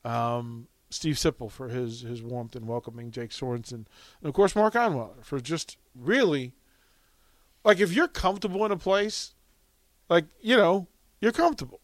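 A man's voice: medium pitch, animated, moderate pace, dry recording. A middle-aged man hosting on radio, telling stories casually in a rambling way and laughing often. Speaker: radio host. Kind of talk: casual on-air chat. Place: radio studio. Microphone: studio microphone.

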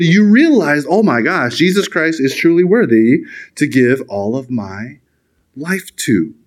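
An earnest male pastor preaching with a somewhat higher voice. He talks in quick bursts and then slows right down on the words he wants to stress. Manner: earnest, emphatic, shifts between fast and slow deliberate delivery. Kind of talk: sermon.

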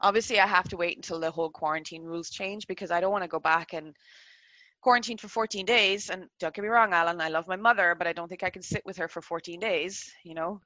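An Irish woman in her thirties chatting casually on a video call, animated and full of "like" fillers. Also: on the low side, quick pace, no echo, lo-fi sound. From Ireland. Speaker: interview guest.

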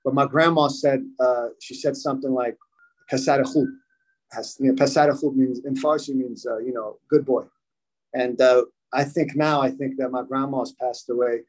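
Husky-voiced man answering in a rambling way. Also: mid-range voice, steady tone, moderate pace, darkish tone, low-quality recording. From United States. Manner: rambling, repeats himself, many restarts. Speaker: interviewee. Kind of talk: conversational interview answer.

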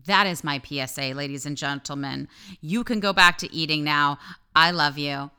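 A woman's voice: sits low, moderate pace, sharp tone, clean tone. A woman host talking frankly and with feeling in a solo podcast monologue, swearing freely.

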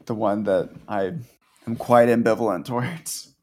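A man's voice: on the low side, fairly even intonation, measured pace, darkish tone, a little hiss or hum. Laid-back man retelling a story. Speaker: podcast co-host. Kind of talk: casual chat.

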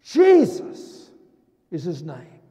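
A man preaching a sermon in a dramatic, emphatic way, slowing down on key words and breaking into sudden loud exclamations. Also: a little high, wildly swooping pitch, lo-fi sound. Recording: long reverb of a large hall.

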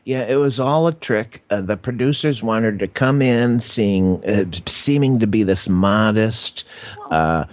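A man co-hosting a podcast, chatting casually about a movie with many pauses and fillers. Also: lowish voice, a little mellow, no echo. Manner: hesitant, full of uh fillers, laughs easily. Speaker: podcast co-host.

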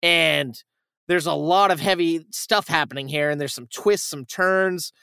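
This is a young podcast host reviewing films, speaking a little slowly in a voice on the high side that's gravelly yet clean. He rambles and swears through a casual plot retelling, animating it with acted quotes, in a dry studio-quality recording.

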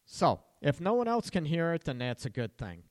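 Man, counselor giving advice, blunt and cursing, lively pitch, dry close sound. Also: normal speed, no echo. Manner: blunt and cursing, with sharp rising emphasis. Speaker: relationship counselor. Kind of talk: casual advice monologue.

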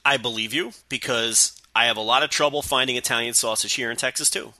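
Bright dry-voiced man chatting casually. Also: medium pitch, brisk, no echo. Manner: relaxed, many restarts and you-knows. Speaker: podcast co-host. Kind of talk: casual chat.

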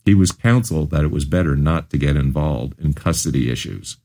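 A man's voice: very deep voice, fairly quick, darkish tone. A man narrating his own memoir as an audiobook, telling it earnestly in the first person.

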